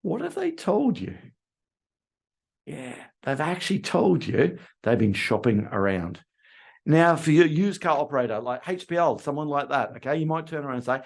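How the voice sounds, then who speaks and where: A man's voice: a little high, moderate pace, creaky. A middle-aged man from Australia, training car salespeople and acting out phone calls to customers. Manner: animated, acts out customer calls in quotes. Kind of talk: training talk with role-played phone calls.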